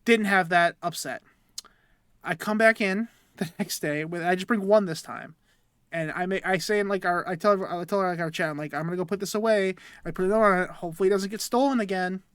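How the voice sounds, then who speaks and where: A man's voice: high voice, brisk, fairly bright tone, clean tone, no echo, studio quality. A young man co-hosting a podcast, telling a rambling story about himself while laughing between sentences. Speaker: podcast co-host. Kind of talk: casual storytelling chat.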